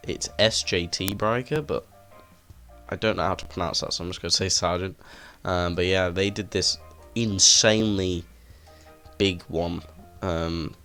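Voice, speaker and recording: Deep yet slightly bright, the man's voice stays clear and resonant as he narrates a game in a loose, eager walkthrough. He's a video creator who fills his talk with "um"s and "like"s, speaking into a desk microphone paired with a headset.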